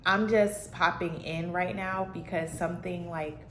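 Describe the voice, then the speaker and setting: A woman vlogs alone at home, speaking candidly and heartfeltly in a loose, rambling way full of fillers. Her voice sits a little low. The room echoes around her over a faint background hiss. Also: steady tone, measured pace, fairly bright tone. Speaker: vlogger on healing and mental health. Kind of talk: casual heartfelt vlog talk. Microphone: self-recorded camera.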